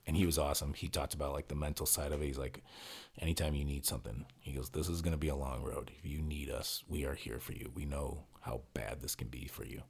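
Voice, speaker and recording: A man with a very low, gravelly voice tells a story in casual podcast chat. He is husky and rough-edged, and he swears freely while acting out each quote. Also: steady tone, quick pace. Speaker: podcast co-host telling a story.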